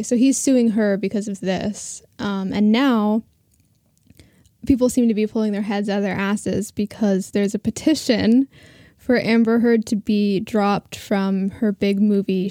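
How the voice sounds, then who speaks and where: A woman's voice: medium pitch, steady tone, unhurried, dark tone, dry recording, studio quality. A woman chatting casually as a podcast co-host, opinionated and gossipy about the news. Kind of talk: casual chat.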